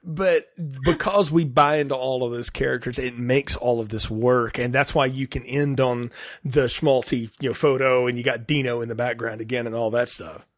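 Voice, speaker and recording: A man's voice: medium pitch, steady tone, moderate pace, no room sound, studio quality. A man co-hosting a film podcast in casual chat, enthusiastic and quoting characters. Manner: conversational, enthusiastic, quotes characters. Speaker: podcast co-host.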